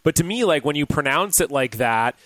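A man's voice: fairly high pitch, a little fast, no echo. A Canadian man from Ontario co-hosting a podcast, chatting casually and loosely with lots of filler words. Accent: Canadian English. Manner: chatty, many "like" fillers, animated asides. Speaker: podcast co-host. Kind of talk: casual chat.

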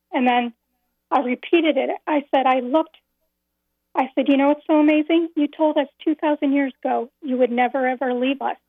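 A woman's voice: sits high, dry recording. A woman calling in to a radio show, earnestly telling a personal story and repeating phrases as she goes. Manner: earnest, repeats phrases, slow and careful at key moments. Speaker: caller. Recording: tinny phone line.

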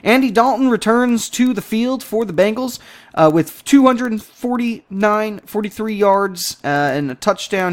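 A man hosting a casual sports podcast, recapping games with jokey, self-mocking banter. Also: on the high side. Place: home setup, face on camera.

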